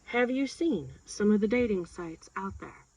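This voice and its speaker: A woman doing stand-up comedy, telling a story in an animated way and acting out the scenes. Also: medium pitch, unhurried, slight background noise, low-quality recording. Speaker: stand-up comic.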